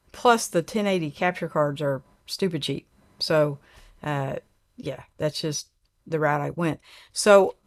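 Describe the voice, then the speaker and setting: With a lowish voice and an Oklahoma twang, an older woman hosts a casual livestream, chatting and rambling as she reads viewer comments aloud.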